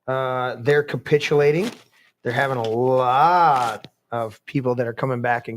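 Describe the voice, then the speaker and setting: A man's voice: mid-range voice, unhurried. A man hosting a podcast, ranting casually and reading news articles aloud, rambling, swearing and stumbling over words. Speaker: podcast host.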